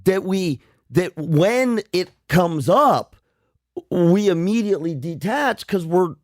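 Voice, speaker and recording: A man's voice: sits high, expressive, takes it slowly, dry recording, clean studio sound. A man, a psychologist co-hosting a radio show, speaking candidly and self-deprecatingly with frequent restarts. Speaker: psychologist co-host. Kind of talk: casual radio chat.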